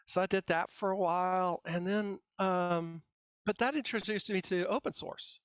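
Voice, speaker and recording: High-voiced rambling middle-aged man. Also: normal speed, clear, resonant tone, dry recording. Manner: rambling, self-deprecating, full of fillers and restarts. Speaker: guest software engineer. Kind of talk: casual interview talk. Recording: dull dry lo-fi sound.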